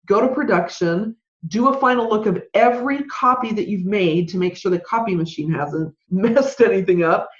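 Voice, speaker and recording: A woman hosting a solo podcast, giving advice in a fast, ranting, conversational way. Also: medium pitch. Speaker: podcast host. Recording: roomy, dull lo-fi sound.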